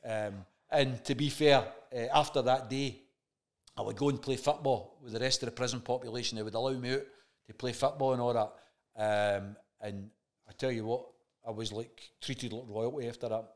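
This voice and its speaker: A man's voice: mid-range voice, steady tone, moderate pace. A man with a Scottish accent, a chat show guest telling a story in casual conversation, swearing freely and acting out the dialogue he remembers.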